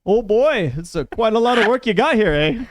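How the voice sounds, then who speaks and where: A man's voice: high voice, lively intonation, brisk, noisy background, voice pushed up. A man voicing a small, eager fire kobold wizard with a Canadian accent and a chirpy, folksy way of talking. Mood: chipper.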